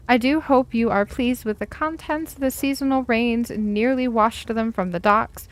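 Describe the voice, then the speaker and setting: A woman voicing a prim, haughty elf merchant woman who speaks slowly and precisely in a fantasy game. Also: a little high, lightly acted. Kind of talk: reading a game letter aloud.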